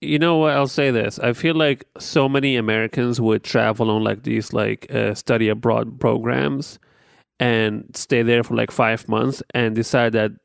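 A man's voice: medium pitch, fairly even intonation, normal speed, creaky, smooth, no echo, clean studio sound. A man in his thirties whose first language is not English, chatting casually as a podcast co-host. He talks in loose restarts and often opens with "I'll say this.". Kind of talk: casual chat.

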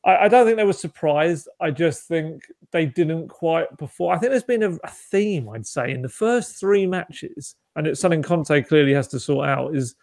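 A man's voice: on the high side, expressive, normal speed, vocal fry, few pauses, darkish tone, no echo. A man co-hosting a football podcast, chatting casually with lots of restarts and asides. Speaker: podcast co-host.

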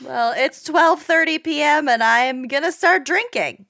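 A woman's voice: high voice, a little slow, vocal fry, pushed and bright. A woman co-hosting a casual podcast, tossing in dry sarcastic one-liners. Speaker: podcast co-host. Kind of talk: casual chat.

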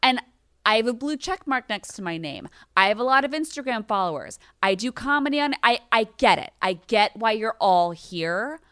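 A woman's voice: a little high, animated, normal speed, sharp tone, clean tone, no room sound, clean studio sound. A woman in her thirties, a podcast host, ranting in casual chat, emphatic and swearing a lot.

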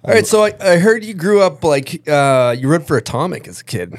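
A man's voice: fairly high pitch, animated, brisk, dry recording. A man hosting a podcast, joking and slangy as he jumps between questions. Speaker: podcast host. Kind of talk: casual interview chat.

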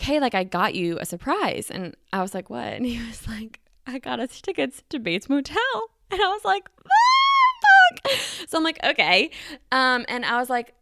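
A woman's voice: medium pitch, a bit bright, smooth, no echo, studio quality. A young woman hosting a podcast, telling a story in a chatty way full of "like" and acted-out quotes. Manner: chatty, lots of "like", acts out quotes. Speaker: podcast host. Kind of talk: casual storytelling.

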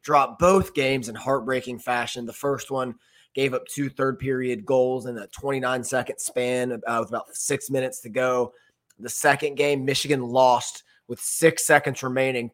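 A young American man, engaged to be married, co-hosting a sports podcast in relaxed, filler-heavy talk. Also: mid-range voice. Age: young adult. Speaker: podcast co-host. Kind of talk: casual sports podcast chat.

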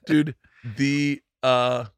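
Profane, animated storytelling host. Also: male voice, medium pitch, very slow, smooth, no echo. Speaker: podcast host. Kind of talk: casual podcast conversation.

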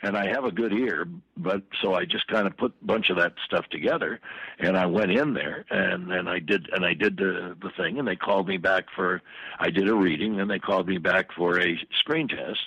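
Older male guest, low husky bright voice, rambling anecdotes, dry studio mic. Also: fairly even intonation, normal speed, dry recording, low-quality recording. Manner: rambling, full of asides and restarts. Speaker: actor telling stories as guest. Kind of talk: casual storytelling.

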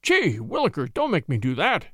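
A man voicing a blustering small-town deputy in a story reading, gruff at first and easily cowed. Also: high voice, big pitch swings, fairly quick, a bit bright, dry recording, studio quality. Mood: frightened. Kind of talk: audiobook character voice.

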